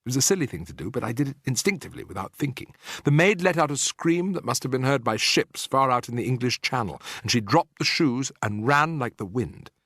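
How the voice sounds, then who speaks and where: Husky-voiced man reading a storybook aloud. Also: medium pitch, brisk, no room sound, studio quality. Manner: lively, expressive reading. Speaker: audiobook reader. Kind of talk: scripted storybook narration.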